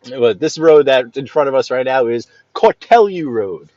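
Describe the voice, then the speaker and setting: A man with a New York accent chatting to viewers while driving, greeting them by name and often clearing his throat. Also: medium pitch, expressive, extremely slow, pauses often, no echo, highs cut off. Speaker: livestream host driving. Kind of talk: casual live-stream chat while driving. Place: inside a car on city streets.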